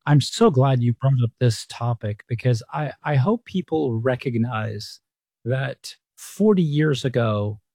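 A man in his fifties, originally from England, explaining retirement planning on a radio show in an earnest, measured way. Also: mid-range voice, animated, mellow, no echo. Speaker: financial advisor. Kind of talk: radio talk show guest expert.

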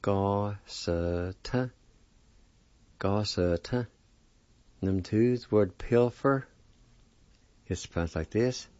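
A man teaching a vocabulary lesson, spelling and pronouncing each word slowly and patiently, repeating it several times. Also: lowish voice, dark tone, dry recording. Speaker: language teacher. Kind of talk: slow spelling and pronunciation lesson. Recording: dull lo-fi recording.

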